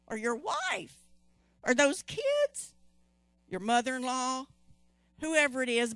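A woman's voice: fairly high pitch, a bit bright, no echo. A woman preaching a sermon, emphatic and repeating key phrases, calling on the congregation to respond.

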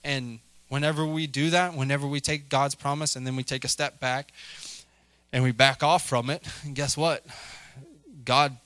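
A man's voice: medium pitch, flat delivery, moderate pace, fairly bright tone, clean tone, dry recording. A middle-aged man preaching a casual sermon, chatty, with many fillers and a habit of asking "right?". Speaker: lay preacher.

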